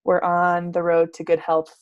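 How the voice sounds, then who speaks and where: Low-voiced woman on a group call. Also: completely flat delivery, moderate pace, clear, resonant tone, dull audio. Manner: thoughtful, hesitant, with fillers and laughs. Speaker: group participant. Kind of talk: casual group video call chat.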